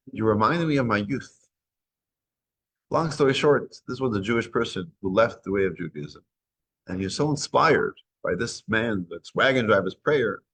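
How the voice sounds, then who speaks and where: A man's voice: lowish voice, fairly bright tone, husky. A man teaching a weekly Torah class, retelling a story and acting out its dialogue. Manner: acts out dialogue in retold stories.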